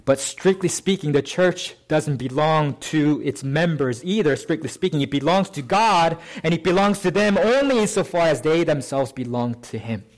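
A man preaching a sermon as pastor, in a conversational way, often asking "right?" and lifting and slowing his voice on key phrases. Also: expressive. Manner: conversational, often adds "right?" to check with listeners; lifts pitch and slows to stress key phrases.

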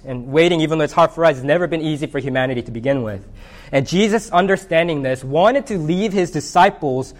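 A male pastor delivers a sermon in a fairly high-pitched voice. He reads scripture aloud and retells a story, lifting his voice for the characters' lines.

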